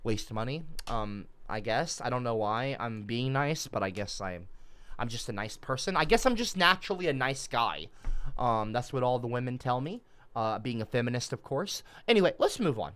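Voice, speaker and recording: A man's voice: mid-range voice, expressive, moderate pace, fairly bright tone, clear, resonant tone. Guy on a livestream mouthing off at chat, sarcastic and sweary, voice jumps all over the place, trips over his words. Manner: profane and sarcastic, with frequent stumbles and restarts. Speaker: livestream host. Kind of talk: mocking comedic livestream rant.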